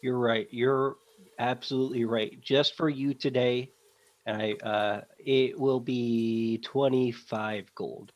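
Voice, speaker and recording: A man in a tabletop role-play session, talking in a mid-range voice. He rattles off smooth salesman patter broken up by lots of uhs and restarts. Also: mid-range voice, fairly even intonation, dull audio. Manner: fast-talking salesman patter with many fillers. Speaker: player.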